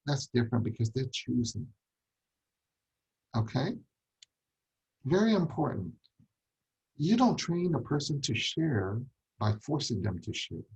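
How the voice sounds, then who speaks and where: A man's voice: medium pitch, very animated, a little slow, vocal fry, long pauses, a little mellow, husky, low-quality recording. A man teaching a ministry class on parenting, emphatic, repeating key points and asking rhetorical questions.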